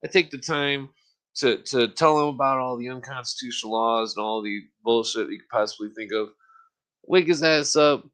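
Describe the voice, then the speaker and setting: Profane ranting man clearing his throat. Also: medium pitch, normal speed, fairly bright tone. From United States. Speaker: podcast host. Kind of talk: casual rambling monologue. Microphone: podcast microphone.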